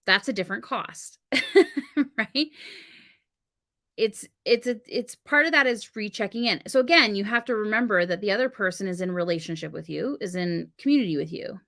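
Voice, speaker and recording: Bright-voiced woman telling lively stories. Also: on the low side, fairly quick. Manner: animated storytelling, acts out quoted exchanges. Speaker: podcast co-host and wedding officiant. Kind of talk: casual live-stream conversation. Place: home studio on a live stream.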